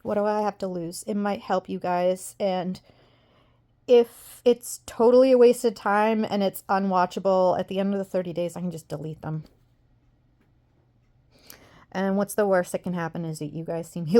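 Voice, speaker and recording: A woman's voice: mid-range voice, moderate pace, warm tone. A woman vlogging at home in a rambling, self-deprecating, exasperated way. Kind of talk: casual personal vlog.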